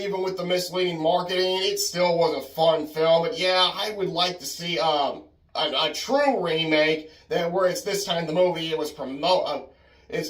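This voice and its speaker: A man talks through a film in a loose, halting way, restarting his sentences and chuckling now and then. His voice sits a bit high. He sounds far from the mic in a room with a noticeable echo. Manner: hesitant, full of restarts and "uh"s, chuckles often. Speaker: film reviewer. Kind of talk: casual rambling film review. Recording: roomy echo from a distant mic.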